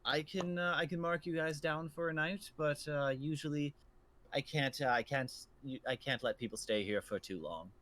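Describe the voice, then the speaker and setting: A kindly old innkeeper woman speaks in a raised, halting voice, stopping often for ums and uhs, as a man voices her. She is a figure in a tabletop role-playing game. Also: fairly high pitch, a bit bright, pitched above the performer's own voice, lightly acted. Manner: hesitant, full of ums and uhs. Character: kindly older woman innkeeper, Grandma Grace.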